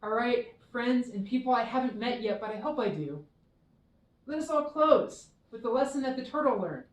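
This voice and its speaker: A woman minister giving a children's dharma talk, telling a story in a warm, expressive way. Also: fairly high pitch, normal speed. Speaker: temple minister. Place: temple hall. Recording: echoey hall, mic far off.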